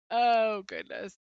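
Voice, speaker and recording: A woman's voice: fairly high pitch, breathy edge, no echo, dull audio. A young woman co-hosting a livestream, casually chatting and answering viewers' comments with frequent "um" fillers. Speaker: livestream co-host.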